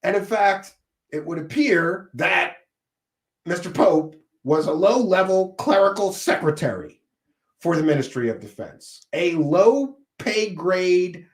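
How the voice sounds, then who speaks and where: A man hosting a live commentary stream, mocking and combative, jumping between shouting and muttering. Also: high-pitched, roomy sound. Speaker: commentary show host.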